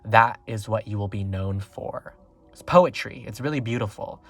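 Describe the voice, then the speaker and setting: A man giving a casual pick-a-card tarot reading, talking in a rambling, excitable way with lots of fillers and sudden leaps up in pitch. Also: normal speed, vocal fry. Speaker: tarot reader.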